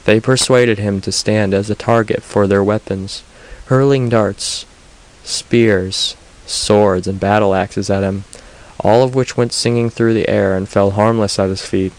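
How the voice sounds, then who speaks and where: A man reads old myths aloud in an audiobook, his voice sitting low. His telling is steady and even-paced. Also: a little slow, low-quality recording. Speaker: narrator.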